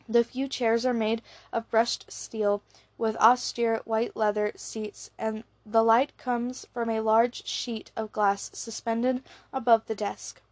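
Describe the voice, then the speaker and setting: A woman narrating an audiobook in a steady, even reading voice. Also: fairly high pitch, no room sound. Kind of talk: scripted narration.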